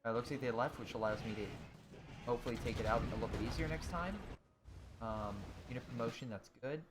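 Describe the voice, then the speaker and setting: A mid-pitched man talks through his strategy game as he plays, rambling with fillers and restarts. He groans at setbacks and cheers on his side. A clear steady hiss runs under his desk-mic recording. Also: quick pace. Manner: chatty, thinks aloud, many fillers and restarts. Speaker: gaming video host. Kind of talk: casual let's-play commentary. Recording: steady audible background noise.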